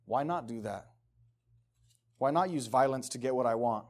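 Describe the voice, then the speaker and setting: A man's voice: mid-range voice, moderate pace. Emphatic conversational man preaching. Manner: conversational, emphatic, acts out quoted voices. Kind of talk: casual sermon.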